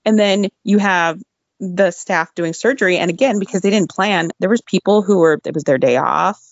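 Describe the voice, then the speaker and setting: A woman's voice: lowish voice, moderate pace, no echo, lo-fi sound. A woman telling a work story in a casual, chatty way, full of fillers and asides. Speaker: former zoo worker recounting a story.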